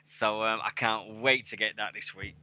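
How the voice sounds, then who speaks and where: A man's voice: fairly low pitch, fairly even intonation, moderate pace, pushed and bright, dry recording. A man in his forties hosting a radio show on a headset mic, chatting casually with lots of swearing and rambling. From England. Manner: sweary, rambling, laughing at himself.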